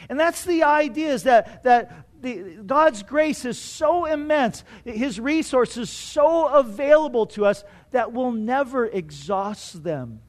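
Male pastor, middle-aged, light high voice, chatty self-deprecating sermon delivery. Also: animated, unhurried, few pauses. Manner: conversational, self-deprecating, frequent "you know".

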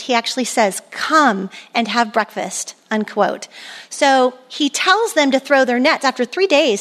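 A middle-aged woman giving a sermon at a women's church gathering, conversational and emphatic, repeating her key phrases. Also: a little high. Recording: long hall reverb.

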